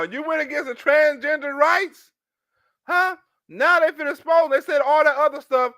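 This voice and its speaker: A man giving loud, profane reaction commentary, laughing and mimicking a politician as he talks. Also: very high voice, no room sound, lo-fi sound. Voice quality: animated, profane, laughing while talking. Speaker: commentary YouTuber.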